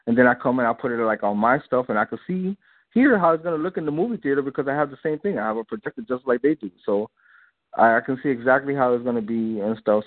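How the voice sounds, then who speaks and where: A man's voice: mid-range voice, dry recording. Talkative man on a tinny phone line. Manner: loose and talkative, repeats himself, laughs often. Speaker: guest filmmaker. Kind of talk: casual interview on a call-in radio show.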